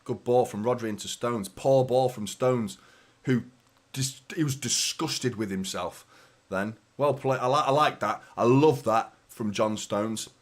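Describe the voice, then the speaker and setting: A man with a sore, hoarse throat hosts a watchalong for fans, calling the match live amid sweary, teasing banter. His voice has a medium pitch, and he talks a little slowly.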